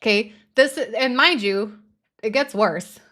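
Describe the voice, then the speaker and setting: A woman's voice: a little high, a little slow, fairly bright tone, slight background noise. A woman hosting a live show, giving blunt, emphatic commentary on a recorded phone call, with casual swearing. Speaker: host.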